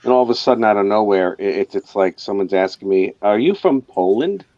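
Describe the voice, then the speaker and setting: A man from New York co-hosting a live drawing stream, telling stories in a profane, animated way. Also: fairly low pitch, brisk, no room sound. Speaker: co-host. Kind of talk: casual stream chat. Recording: dull lo-fi stream audio.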